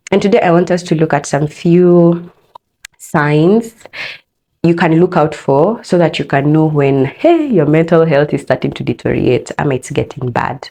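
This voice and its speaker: Expressive Kenyan woman telling her story. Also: low voice. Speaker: podcast host. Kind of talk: personal storytelling podcast.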